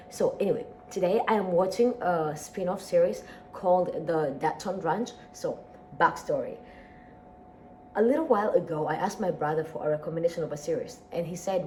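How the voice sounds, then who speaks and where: A woman's voice: on the low side, normal speed, darkish tone, slight background noise. A woman with an East African accent, a tired, sleepy daily vlogger chatting casually and rambling, with frequent sighs and laughs. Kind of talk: casual chat.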